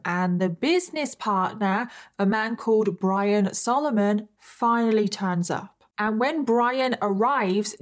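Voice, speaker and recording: A woman hosting a true crime podcast, telling the case in a chatty way with wry rhetorical asides. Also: mid-range voice.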